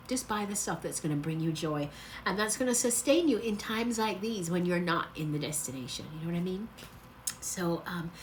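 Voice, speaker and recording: A woman's voice: mid-range voice, a bit bright. Chatty woman on a livestream, gushy and rambly, kinda teary, faint hiss behind her. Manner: gushing, chatty, laughs often; rambling, loses her train of thought. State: emotional, close to tears. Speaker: travel vlogger. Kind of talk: casual livestream chat.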